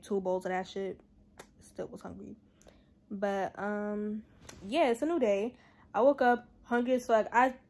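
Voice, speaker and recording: A young woman talking casually to camera about her days, blunt, slangy and swearing a lot. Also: mid-range voice. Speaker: vlogger. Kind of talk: casual vlog talk to camera. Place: at home.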